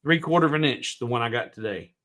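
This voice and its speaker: A man's voice: mid-range voice, fast talker, fairly bright tone. A man hosting a woodworking livestream in a loose, folksy way, reading out viewer comments and humming to himself as he works in his workshop. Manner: folksy and loose, hums to himself while working; reads viewer comments aloud and answers them. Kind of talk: casual live tutorial chat.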